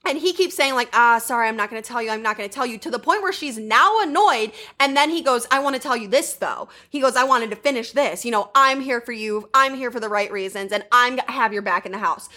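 Brief: high, bright woman co-host, animated storyteller, swears casually. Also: fairly quick, hardly any pauses. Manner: animated storytelling, acting out quotes, swears freely. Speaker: podcast co-host. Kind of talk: casual gossip chat.

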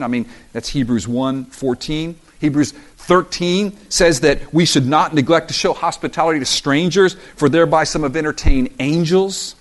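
A man preaching a sermon as pastor, animated and acting out the voices of the story. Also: fairly high pitch. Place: church in South Florida.

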